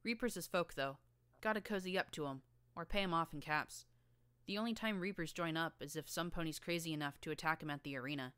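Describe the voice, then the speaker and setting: A woman voicing a tough, streetwise young filly gang leader with a rough rural drawl and a blunt, slangy manner. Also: low-pitched, brisk, a bit bright, dry recording.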